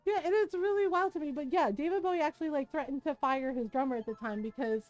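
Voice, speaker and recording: A woman streamer chatting casually with her live viewers, animated and swearing often, with frequent laughter. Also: sits high, quick pace, highs cut off, faint music behind.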